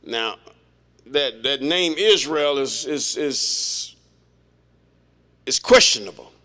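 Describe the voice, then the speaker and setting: A man's voice: mid-range voice, expressive, takes it slowly, pushed and bright. Emphatic man teaching a Bible study. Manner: folksy and emphatic, reads verses then comments freely.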